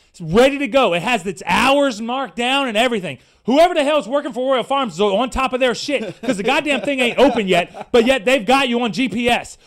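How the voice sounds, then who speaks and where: A man hosting a podcast, delivering an animated, profane, sarcastic rant in casual slangy talk. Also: very high voice. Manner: animated, profane, exasperated ranting. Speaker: podcast host. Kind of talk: casual ranting monologue.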